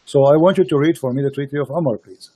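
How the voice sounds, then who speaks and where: A man hosting a heated online debate, insistent and repetitive, speaking halting non-native English into a computer mic. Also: a little high, mellow, slight background noise. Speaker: host of a live debate stream.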